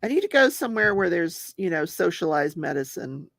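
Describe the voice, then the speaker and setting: This older woman, host of a crafting and true-crime talk show, has a creaky voice on the low side and is very animated and brisk. On her casual livestream she crafts, reads viewers' comments aloud, chats and laughs often, all in a dry, studio-quality recording.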